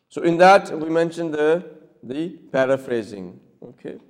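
A man teaching a classroom lecture asks his listeners questions and acts out short examples. His voice is on the high side and a little mellow, with a long hall reverb around it.

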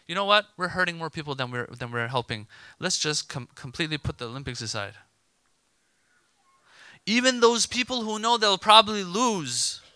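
A man preaching a sermon to a gathered crowd, animated and emphatic, acting out imagined dialogue to make his points. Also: on the high side, smooth, no room sound.

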